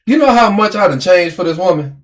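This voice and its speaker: Man, high-pitched, slightly hoarse, animated complaining, casual podcast. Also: brisk. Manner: animated, complaining, repeats himself. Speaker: podcast co-host. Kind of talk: casual argumentative chat.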